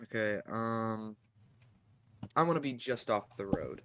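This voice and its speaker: A man's voice: fairly low pitch, animated, unhurried, a bit bright. Casual male player, hesitant. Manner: casual, hesitant, asks questions. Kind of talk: playing a tabletop game.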